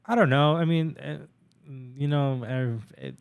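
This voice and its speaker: A man's voice: on the high side, measured pace, gravelly, clean tone. A young man co-hosting a podcast, telling stories in a rambling, profane casual chat with many fillers. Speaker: podcast co-host.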